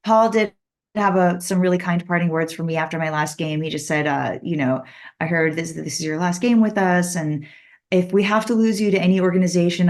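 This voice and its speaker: A woman guitarist answering interview questions in a relaxed, chatty way. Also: low-pitched.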